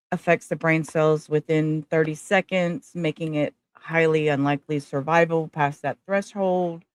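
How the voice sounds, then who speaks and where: Woman, livestream host, emotional, talks to viewers, lowish voice, dry close sound. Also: no room sound. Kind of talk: casual livestream commentary.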